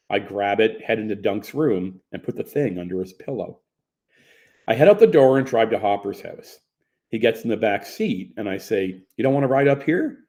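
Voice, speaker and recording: A man reading a first-person story aloud in a relaxed storytelling way. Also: on the low side. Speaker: narrator. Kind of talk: first-person audiobook narration.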